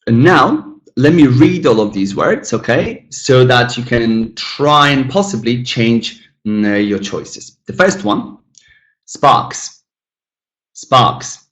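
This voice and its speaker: A man gives an online English lesson at an unhurried pace, with a pitch that sits in the middle. He says each example word twice and talks to the learners in a chatty way, calling them guys. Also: very animated, echoey room, rough recording. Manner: drills each word twice, slow and careful. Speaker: English teacher. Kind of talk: webinar lesson.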